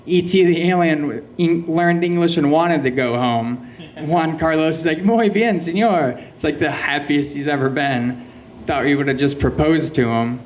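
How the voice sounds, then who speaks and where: A young man from Michigan doing a stand-up comedy set, telling stories in a deadpan way with quoted asides. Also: a little high, normal speed, muffled recording, slight background noise. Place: small venue with a live audience.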